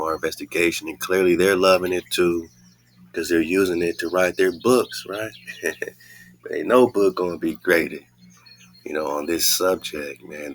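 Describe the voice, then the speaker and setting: A man's voice: very deep voice, fairly bright tone, slight background noise. A man hosting a casual podcast, reading scripture aloud and commenting in a laid-back way with frequent laughs. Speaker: podcast host.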